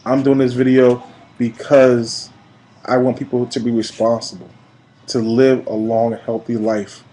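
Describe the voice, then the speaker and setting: A man in his late thirties from New York, giving an emphatic, preachy personal video message that swings between quiet and loud. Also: mid-range voice, level tone, unhurried, poor audio. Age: 30s. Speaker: vlogger.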